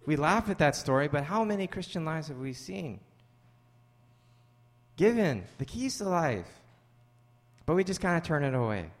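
A man's voice: fairly high pitch, moderate pace, long pauses, long reverb tail. A man preaching a sermon as pastor, conversational, mixing scripture with jokey asides to the congregation. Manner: conversational, jokey asides, rising animated when joking. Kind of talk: sermon with storytelling.

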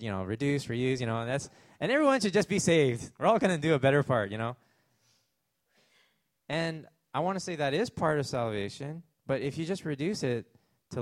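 A man's voice: mid-range voice, darkish tone, no echo. A man with a Canadian accent preaching a sermon as pastor, conversational, with asides and fillers.

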